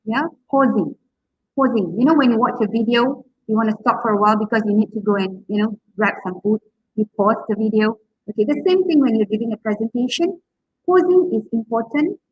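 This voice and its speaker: Her voice is fairly high and a little fast, the audio dull with slight background noise. She leads an interactive online class on public speaking, encouraging students, asking questions, and sprinkling in "okay," "right," and other fillers.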